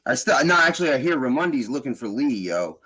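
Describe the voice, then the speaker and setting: Man host, casual voice chat, lively swearing rants, pitch jumps around. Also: fast talker, husky. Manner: profane, animated ranting.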